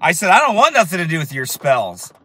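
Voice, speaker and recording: A man preaching with fire and emphasis as he tells a story, at times rising to shouts. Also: fairly high pitch, very animated, brisk, husky. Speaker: street preacher. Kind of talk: preaching while telling a story.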